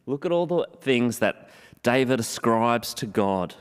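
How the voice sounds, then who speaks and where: A man preaching in an earnest, steady voice of middling pitch. He leans on key phrases, slowing down and repeating them for weight. The sound carries a long reverb from a large hall. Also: clean tone. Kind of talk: sermon.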